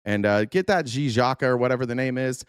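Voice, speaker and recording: A man's voice: medium pitch, lively intonation, brisk, smooth, no room sound, clean studio sound. A man hosting a live stream, heatedly and sarcastically scolding his chat and swearing freely. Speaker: livestream host reacting to news. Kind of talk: profane live-stream rant.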